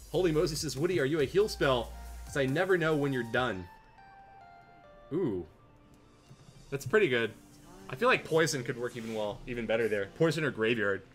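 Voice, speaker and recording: A Canadian man livestreaming a tournament casts matches and reads viewer jokes out with playful self-mockery, mixing casual chat and game commentary. His voice is mid-range and a bit bright.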